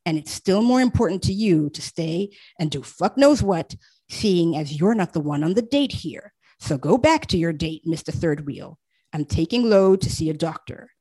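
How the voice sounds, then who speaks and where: A woman voicing a protective, blunt athletic man who speaks low and firmly in a storybook reading. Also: dark tone, husky, no echo.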